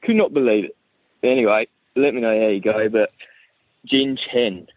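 A man's voice: on the low side, normal speed, dry recording, phone-quality sound. A man leaving a profane, incredulous voice message as a caller. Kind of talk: ranting voice message.

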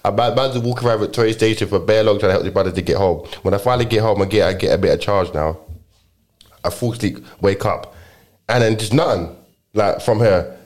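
A man's voice: lowish voice, brisk, a little mellow. Young London man telling a rambling story. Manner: rambling, heavy London slang, frequent restarts. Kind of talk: casual chat.

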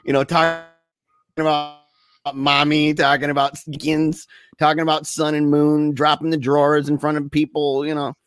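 Animated, self-mocking man telling a story. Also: on the high side, normal speed, dry recording, studio quality. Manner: rambling, animated, self-mocking, lots of fillers. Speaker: guest storyteller. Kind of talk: casual storytelling chat.

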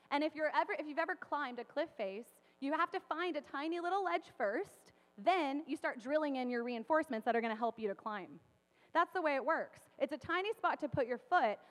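A woman in her thirties giving a casual, chatty sermon, full of fillers and quick laughs. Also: high-pitched, fairly bright tone. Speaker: preacher. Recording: long hall reverb.

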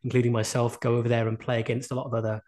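A man's voice: mid-range voice, little pitch movement, racing, a little mellow. Self-mocking British man telling a story. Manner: rambling storyteller, self-deprecating, laughs often. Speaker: podcast co-host. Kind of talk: casual chat.

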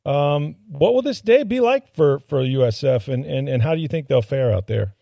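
A man's voice: medium pitch, lively intonation, normal speed, vocal fry, warm tone, dry recording, clean studio sound. A man hosting a sports podcast, talking casually and easygoing with filler words.

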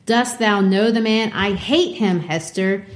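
A woman's voice: mid-range voice, measured pace, close to an everyday voice. A woman voicing a guilt-ridden male minister who pleads in archaic speech. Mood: anguished.

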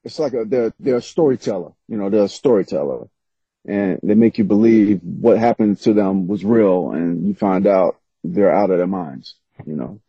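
A man's voice: sits low, normal speed, breathy edge, dry recording. A man, an author guest, telling stories in casual interview chat with frequent laughs. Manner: animated storytelling, laughs often. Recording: slightly dull lo-fi sound.

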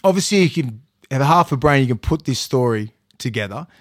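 A man's voice: medium pitch, animated, a little fast, no echo, studio quality. Man telling a sweary story. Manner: swearing, restarting, acting out quotes. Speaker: podcast co-host. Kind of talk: casual storytelling chat.

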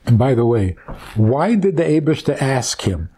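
A man, a rabbi, retelling a scripture story as a teaching, conversational and animated, asking rhetorical questions. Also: medium pitch, moderate pace, husky.

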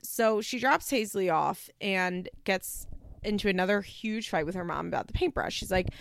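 A woman's voice: medium pitch, expressive, moderate pace, vocal fry, a little hiss or hum. A woman recapping a reality show in a casual monologue, talking bluntly and candidly with plenty of swearing and filler "like.".

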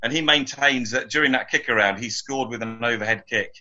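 A man's voice: mid-range voice, a little fast, sharp tone. A man in casual podcast chat, relaying trivia in a chatty way over a dull lo-fi remote line. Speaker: podcast panelist.

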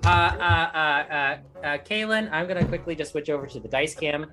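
Low-voiced woman running a tabletop game. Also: pushed and bright. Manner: halting, many fillers and restarts. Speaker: dungeon master.

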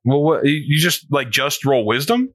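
A man playing a tabletop game, quick, joking and giggly. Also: fairly high pitch, big pitch swings, no echo. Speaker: player.

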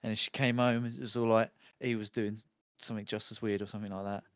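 A man's voice: fairly low pitch, level tone, fast, clear, resonant tone, dry recording, studio quality. A man co-hosting a comedy podcast, musing in a rambling, jokey way with plenty of fillers. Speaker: podcast co-host. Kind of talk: casual comedic chat.

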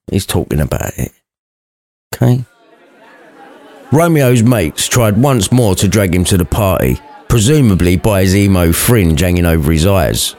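A man's voice: low voice, expressive, a little slow, darkish tone, a faint crowd. A man narrating a comic retelling, with crude, cheeky asides. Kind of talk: comic storytelling.

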